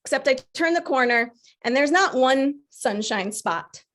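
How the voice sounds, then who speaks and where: Animated woman telling a personal story. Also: high-pitched, a little slow. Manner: animated storyteller acting out her own inner voices. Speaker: speaker sharing a personal story. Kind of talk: storytelling talk.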